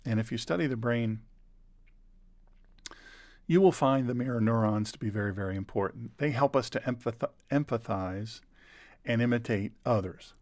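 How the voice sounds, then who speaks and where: Older male pastor-host, middle pitch, earnest and conversational, repeats for emphasis, dry close mic. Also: moderate pace, pauses often, darkish tone, no room sound. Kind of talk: conversational sermon.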